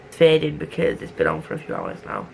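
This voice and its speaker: A woman's voice: deep voice, wildly swooping pitch, fast talker, vocal fry, slight background noise. Rambling, self-mocking woman vlogger. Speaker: book vlogger. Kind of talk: casual vlog chat. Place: home room at night.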